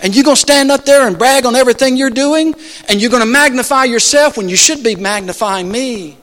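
A man preaching a sermon in church, calling out questions to the congregation and swinging between shouts and soft asides. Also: very high-pitched, a little fast. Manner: call-and-response, rhetorical questions to the congregation. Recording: long church hall reverb.

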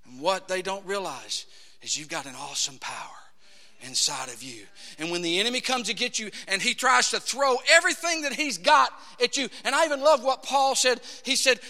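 A man preaching a dramatic sermon in a church, acting out voices and swinging between hushed tones and shouts. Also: high voice, animated, fairly quick, in a large hall. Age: 30s.

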